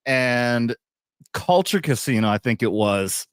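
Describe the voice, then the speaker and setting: A man's voice: medium pitch, animated, unhurried, a bit bright, clean tone, dry recording, clean studio sound. Rambling, profane man chatting on a show. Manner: rambling, profane, laughs often. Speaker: YouTube show host. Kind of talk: casual chat.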